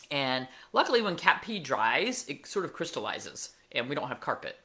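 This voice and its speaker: A woman's voice: extremely low pitch, bright, forceful tone. A middle-aged woman hosting a pet podcast, telling a casual story with wry asides and plenty of fillers. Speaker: veterinarian podcast host.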